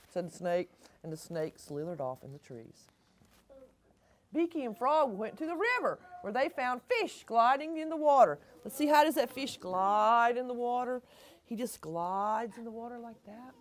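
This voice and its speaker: A woman's voice: on the high side, sing-song, unhurried. A woman reading a picture book aloud to children as a librarian, coaxing them to act along.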